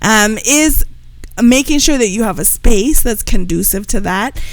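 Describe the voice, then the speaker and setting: A woman's voice: on the high side, lively intonation, unhurried, no echo, poor audio. A woman co-hosting a podcast in casual, playful chat, who jokes around with put-on accents. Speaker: podcast co-host.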